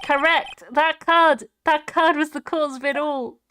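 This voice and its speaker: A woman's voice: high-pitched, steady tone, a little slow, a little hiss or hum, pitched above the performer's own voice. A woman doing a jittery young cop, "sir" nonstop. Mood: dramatic. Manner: ends every sentence with "sir"; loud and melodramatic. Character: jittery young male police officer, overeager.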